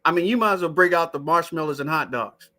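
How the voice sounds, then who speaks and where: A high-voiced man hosting a loose live stream. He swears freely, doubts what he is shown, and keeps turning to his chat with a profane, skeptical edge. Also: fast talker, pushed and bright. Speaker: show host. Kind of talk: casual live-stream talk.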